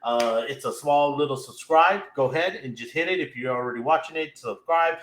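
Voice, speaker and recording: Male podcast host, casual, excitable, fills with "man" and "uh"; bright, tense voice, echoey room. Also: medium pitch, brisk. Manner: excitable, laughs often, many fillers. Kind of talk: casual anime recap chat.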